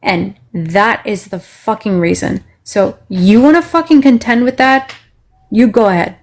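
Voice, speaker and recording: A woman's voice: medium pitch, measured pace, darkish tone. An angry woman in a heated live-stream argument, swearing constantly as she vents. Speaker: panel speaker.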